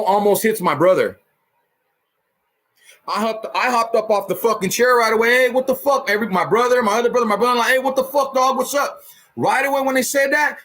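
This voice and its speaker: Dude with a kinda high voice telling a wild story, cussing nonstop, bam boom sound effects. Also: male voice. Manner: profane street slang, lively retelling with sound effects. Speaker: storyteller host. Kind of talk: casual storytelling.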